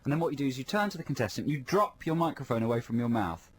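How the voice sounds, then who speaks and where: A man co-hosting a radio show, chatty and explanatory, quick to laugh. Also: mid-range voice, lively intonation, crowd noise. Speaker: radio co-host. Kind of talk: casual radio chat. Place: radio studio. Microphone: studio microphone.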